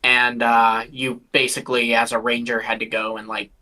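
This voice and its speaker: A man's voice: mid-range voice, little pitch movement, moderate pace, pushed and bright. A man co-hosting a live podcast, hesitant and qualifying his points as he talks. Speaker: podcast co-host. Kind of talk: casual live podcast chat.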